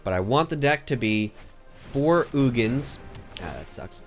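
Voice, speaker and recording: A man's voice: mid-range voice, expressive, unhurried, soft background music. A man streaming a card game, commenting casually and thinking aloud as he plays, sometimes counting under his breath.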